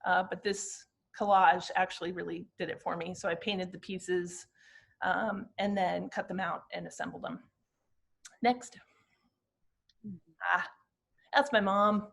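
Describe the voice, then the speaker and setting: Reflective woman in her fifties, halting. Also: on the low side, fairly even intonation, creaky, fairly bright tone. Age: 50s. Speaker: glass artist presenting her work. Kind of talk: talking through slides of her artwork.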